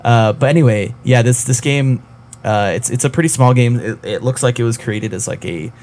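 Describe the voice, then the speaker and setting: A man's voice: medium pitch, moderate pace, darkish tone. A man co-hosting a casual podcast about games, talking in a rambling, hesitant way with lots of fillers. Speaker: podcast co-host.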